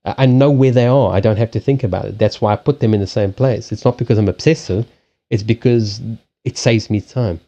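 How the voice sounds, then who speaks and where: A man's voice: lowish voice, a little fast, dark tone, lo-fi sound. A man hosting a live stream, chatting casually about habits and anxiety, rambling with frequent restarts, swearing and laughing. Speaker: livestream host and card reader.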